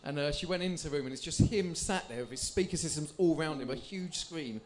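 A man co-hosting a live football podcast, his voice pitched a little high. He asks questions in an easy, chatty way and reels off vote tallies. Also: a little fast, darkish tone. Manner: reads results, chatty. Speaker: podcast host.

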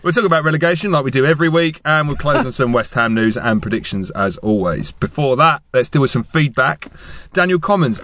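A man's voice: mid-range voice, expressive, fairly quick, a bit bright. A man hosting a podcast in casual chat, jokey and chatty, and stumbling a little over listener messages. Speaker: podcast host.

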